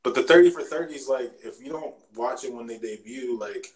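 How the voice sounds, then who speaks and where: A man co-hosting a podcast in relaxed, slangy chat. He laughs often and keeps things easygoing. His voice sits in an ordinary middle register. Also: mid-range voice, brisk, poor audio. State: sore after the gym. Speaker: podcast co-host. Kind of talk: casual chat.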